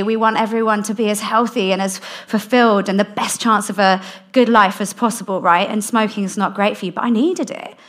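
A young woman, a guest in an interview, candidly telling a personal story in casual, animated storytelling with frequent laughs. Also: medium pitch. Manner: candid, animated, laughs often, drops softer in heartfelt parts.

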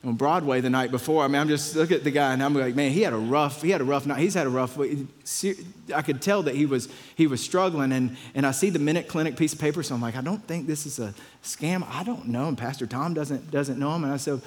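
A man's voice: mid-range voice, fast talker, few pauses, in a large hall. A pastor telling a story in a conversational sermon, often repeating his words.

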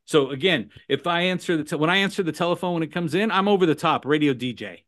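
A man talking as a sales trainer guest in a podcast conversation, animated and punctuating points with "right?" and "okay?". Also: fairly high pitch, fast. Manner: animated, acts out phone calls in put-on voices.

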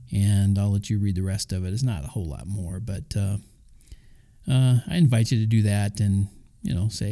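A man's voice: on the low side, fairly even intonation, normal speed, mellow. A man hosting a Christian talk, speaking conversationally with casual asides and the odd chuckle. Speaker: Christian podcast host.

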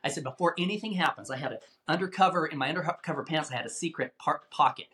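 A man telling a tense story as an interview guest, animated and given to repeating words as he talks. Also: a little high, quick pace. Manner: animated, acts out quoted voices, repeats words.

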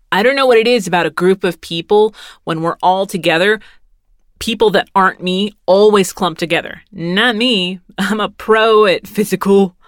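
A woman's voice: medium pitch, a bit bright, dry recording, studio quality. A woman in her thirties from Texas telling a rambling, wry story in casual monologue, swearing lightly and laughing as she goes. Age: 30s.

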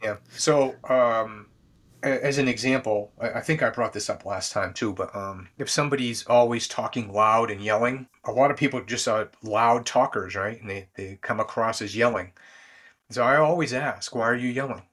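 A man's voice: mid-range voice, normal speed, a bit bright. A man appearing as a guest on an interview show, explaining leadership habits in an easygoing way with many fillers and restarts. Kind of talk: conversational interview.

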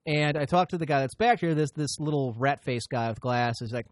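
A man's voice: mid-range voice, normal speed, no echo. A man hosting a podcast, telling a long story in a rambling, profane way and often interrupting himself. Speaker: podcast host. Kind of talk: casual storytelling chat.

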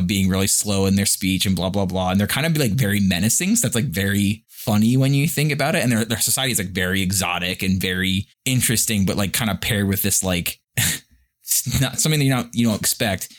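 A man co-hosting a podcast in casual chat, rambling with lots of fillers, a little profane and quick to chuckle. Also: deep voice. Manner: profane and playful. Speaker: podcast co-host.

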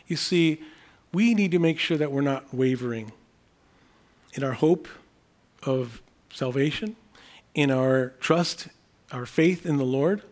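A man preaching a sermon in an earnest, unscripted way, often restarting phrases and repeating key words slowly for emphasis. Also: medium pitch, darkish tone. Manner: earnest, thinking aloud with frequent restarts. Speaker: pastor.

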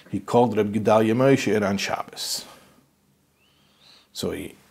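A man's voice: deep voice, creaky, husky. A man earnestly retelling a religious story in a conversational way.

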